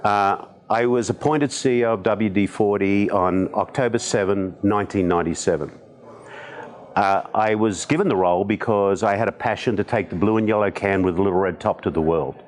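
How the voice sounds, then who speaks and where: A man in his sixties with an Australian accent, a podcast guest telling stories in conversation with animated, self-deprecating humor. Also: lowish voice, a little fast. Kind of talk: conversational storytelling.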